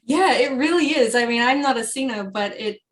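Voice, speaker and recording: An Australian woman composer talks casually in an interview, her voice a little high with lively intonation and a brisk pace. She laughs often and fills pauses with ums.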